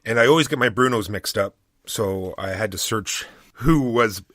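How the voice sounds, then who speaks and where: An easygoing man co-hosting a board game podcast, joking around with loose, casual phrasing. His voice sits on the low side but sounds bright and clear, recorded dry on a close mic. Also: normal speed, no echo. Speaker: podcast co-host.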